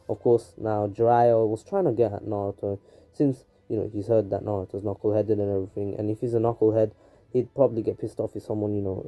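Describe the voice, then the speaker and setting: A man's voice: lowish voice, warm tone. A man casually narrating a fan-made story, rambling and full of fillers like "you know" and "anywho".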